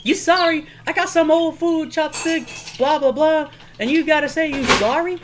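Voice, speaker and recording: A man doing an impression of a brash, fast-talking comedy cop, his voice pushed up into a shrill, yelping register. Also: heavy background noise. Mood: indignant. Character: brash motor-mouthed male comic cop, squealing high.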